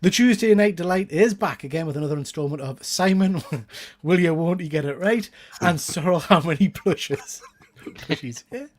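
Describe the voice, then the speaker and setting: A man's voice: fairly high pitch, moderate pace. Chatty Geordie man hosting a live show. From Northeast England. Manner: chatty, greets viewers by name, laughs often. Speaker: host. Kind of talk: casual live-stream chat.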